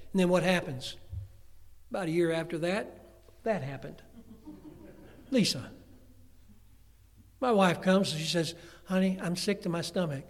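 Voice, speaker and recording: An older man preaching a sermon as pastor, telling family stories with humorous asides. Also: a little high. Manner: lively storytelling with humorous asides. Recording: long hall reverb.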